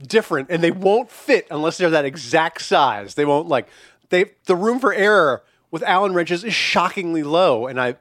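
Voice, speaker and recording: A man's voice: fairly high pitch, expressive, moderate pace, fairly bright tone, dry recording. A young man hosting a talk podcast, chatting casually with lots of filler and profanity. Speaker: podcast host. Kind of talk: casual chat.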